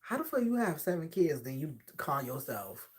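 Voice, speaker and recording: A man telling a hookup story on a casual livestream, sassy and animated, acting out the voices of the people he quotes. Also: a little high, normal speed.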